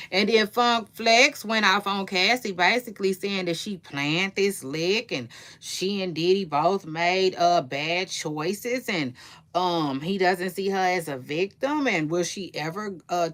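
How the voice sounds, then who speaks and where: A woman's voice: on the low side, a little slow, a bit bright. A woman giving casual celebrity gossip commentary, chatty and slangy, rambling with frequent asides.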